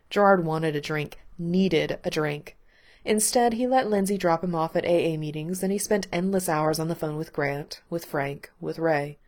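Calm woman reading a story, lowish voice. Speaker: narrator. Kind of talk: reading fiction aloud.

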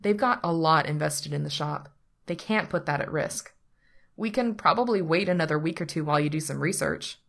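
A woman's voice: low voice, fairly quick, creaky, a bit bright, exaggerated voice. A woman voicing an anxious young man who protests and blames himself. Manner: protesting, miserable.

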